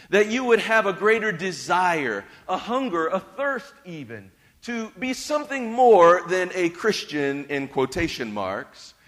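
A man's voice: sits high, a bit bright. A man preaching a sermon as pastor, calling on his congregation to answer him back and cheer. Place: church hall. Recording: reverberant hall.

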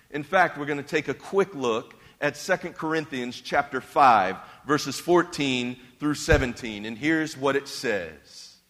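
A man's voice: on the high side, fairly bright tone. A man preaching a sermon as pastor, calling on his congregation to answer him back and cheer. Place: church hall. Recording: reverberant hall.

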